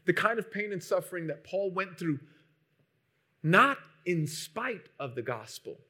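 A man preaching a sermon, emphatic, moving between hushed lines and loud, urgent ones. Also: sits high, very animated, measured pace. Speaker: pastor.

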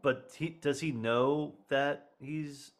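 A man's voice: a little high, steady tone, slow, a little hiss or hum. A man joking and riffing in casual commentary while watching a movie with a friend, laughing often.

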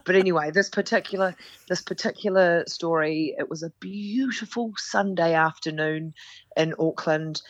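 A podcast guest with a lowish voice tells a story at normal speed, candid and self-mocking, acting out what people said. It's casual storytelling, recorded with no room sound.

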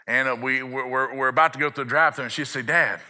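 A man's voice: medium pitch, steady tone, fast, bright, forceful tone. A man preaching a sermon as pastor, telling a family story with playful asides to the congregation.

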